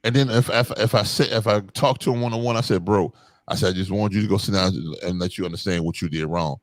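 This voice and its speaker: A man's voice: on the low side, steady tone, fast talker, no echo. A man co-hosting a casual podcast chat, telling blunt, profane stories and acting out what he would say. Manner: blunt, profane storytelling with acted-out quotes. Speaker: podcast co-host.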